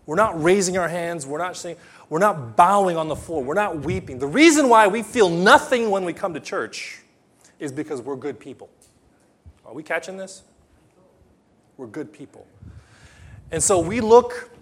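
Male pastor, slightly higher voice, emphatic sermon delivery with big swings in loudness. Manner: emphatic, swings from hushed to loud voices of imagined people.

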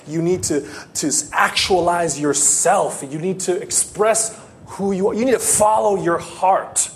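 Man preaching a sermon, kinda high voice, repeats lines, stumbles with uh and um then goes real quiet. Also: slight background noise. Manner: emphatic, repetitive preaching that drops to hushed lows; halting, with fillers and restarts. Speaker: pastor.

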